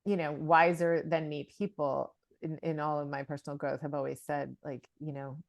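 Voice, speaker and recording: A woman's voice: deep voice, flat delivery, normal speed, vocal fry, dry recording. A woman in her forties co-hosting a podcast in casual chat, chatty and laughing often, with many fillers and restarts. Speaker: podcast co-host.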